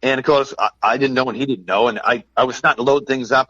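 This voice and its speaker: A talkative man telling upbeat stories in a relaxed podcast chat about his handmade calls. His voice is mid-pitched and sounds a little dull and dry, as if it came through a plain, lo-fi mic with no room echo. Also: very fast, breathy edge. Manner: chatty, storytelling, upbeat. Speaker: game call maker, podcast guest.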